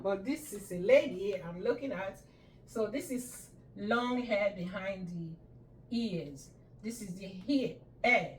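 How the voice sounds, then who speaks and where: Slow, patient woman teaching words. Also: on the high side, a little hiss or hum. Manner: patient, repeats each word, checks with "right?". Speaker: language teacher. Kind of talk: slow explanatory lesson. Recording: echoey room, mic at a distance.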